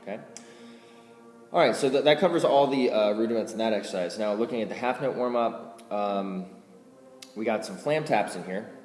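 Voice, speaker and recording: A man teaching drum rudiments in a casual way, counting strokes aloud louder than he explains. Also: fairly low pitch, animated, normal speed, over music. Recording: roomy reverb with loud background noise.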